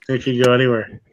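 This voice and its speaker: A man hosting a casual livestream chat about guns, joking around and laughing often. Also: mid-range voice. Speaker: livestream host.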